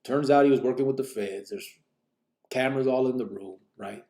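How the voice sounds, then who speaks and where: A man's voice: medium pitch, brisk, creaky, dark tone. A man telling his own story on a podcast in casual street slang, rambling with many fillers and acting out other people's lines.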